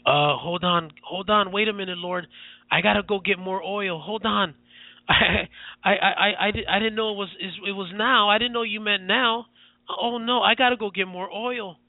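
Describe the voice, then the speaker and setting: A man's voice: high-pitched, steady tone, moderate pace, no room sound, voice pushed up. A man preacher voicing a flustered, unprepared believer who stammers and begs for more time, on a dry, tinny phone-like recording. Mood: panicked. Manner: stammering, pleading, frantic stalling.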